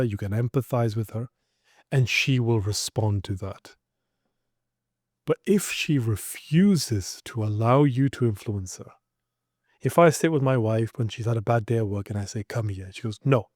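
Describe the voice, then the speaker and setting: A man's voice: mid-range voice, expressive, measured pace, a little mellow, no room sound. Man, relationship coach, mid-range voice, dry close sound, blunt lecturing delivery. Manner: direct, emphatic, lecturing listeners with acted examples. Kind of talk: instructional monologue.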